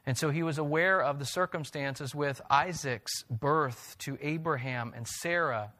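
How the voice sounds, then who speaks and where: A man's voice: on the high side, unhurried, sharp tone. A male pastor preaching a sermon to his congregation. He talks earnestly and builds to emphatic peaks.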